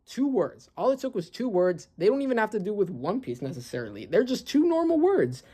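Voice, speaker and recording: A young adult talks through a fresh manga chapter in a loose, casual way, reading the panels aloud. The voice sits in a middle pitch, peppered with fillers and sudden excited gasps. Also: a little fast, hardly any pauses, husky. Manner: excitable, gasping and laughing, lots of fillers. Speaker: manga reaction streamer.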